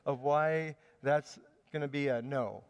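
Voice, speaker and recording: Man preaching with a smooth, ringing voice. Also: mid-range voice, steady tone, unhurried. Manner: conversational storytelling with hesitations. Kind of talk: sermon. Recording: long hall reverb.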